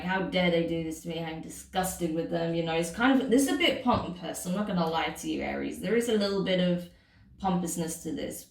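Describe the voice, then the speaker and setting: A woman with a lowish, gravelly voice gives a casual tarot reading to the camera. She keeps checking in with the listener as she goes. Her voice sits back from the mic in an echoey room. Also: far from the mic. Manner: chatty, frequent "okay?" and "right?" check-ins. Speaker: tarot reader.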